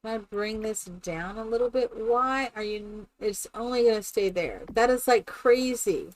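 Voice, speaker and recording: A woman's voice: a little high, measured pace, a little hiss or hum. A woman chatting casually and rambling with many fillers while she builds in a game on a live stream.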